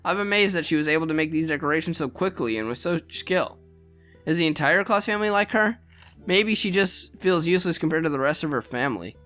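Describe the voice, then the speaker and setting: A man's voice: fairly high pitch, expressive, fairly quick, pushed and bright, soft background music. A man narrating a visual novel aloud in first person, reading earnestly and expressively with small stumbles.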